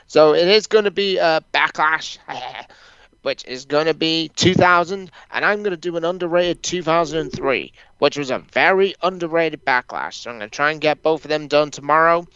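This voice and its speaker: A man's voice: a little high, animated, brisk, fairly bright tone, smooth, no room sound, highs cut off. A man co-hosting a wrestling podcast in loose, casual chat, laughing and swearing freely. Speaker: podcast co-host.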